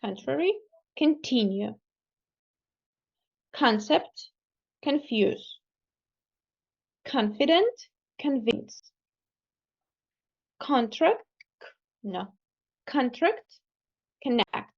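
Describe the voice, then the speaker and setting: Slow, careful Ukrainian-accented woman. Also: sits high, very animated, creaky, highs cut off. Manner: careful, repeats words one by one. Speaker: student. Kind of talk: repeating words in a pronunciation lesson.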